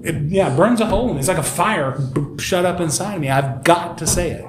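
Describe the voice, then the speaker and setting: A man with a slightly high voice leads a church Bible study in a casual, animated way. He acts out quotes and laughs easily. The room is echoey, and other voices murmur in the background. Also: fairly quick. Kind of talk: casual teaching in a group discussion. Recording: echoey room recording with group chatter.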